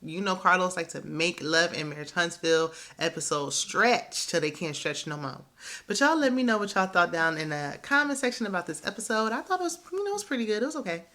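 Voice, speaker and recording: A woman's voice: on the low side, animated, fairly quick, a bit bright. A woman hosting a casual reality TV recap, chatty and opinionated, who laughs often.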